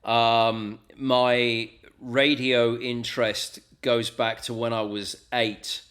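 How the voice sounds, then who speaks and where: Chatty Essex man telling radio stories. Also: medium pitch. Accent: English (Essex). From England (Essex). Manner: chatty, animated storyteller, quick asides. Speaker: radio presenter, podcast guest. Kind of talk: casual interview chat. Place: home in the US, remote call.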